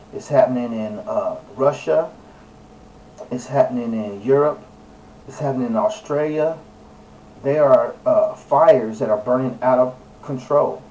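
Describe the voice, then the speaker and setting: Guy preaching casually, lots of uhs and fixing himself mid-sentence, mellow voice, sounds kinda far from the mic. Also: mid-range voice, slight background noise. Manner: preachy and emphatic, with frequent fillers and self-corrections. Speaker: religious video presenter. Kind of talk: casual scripture teaching while reading aloud and searching online.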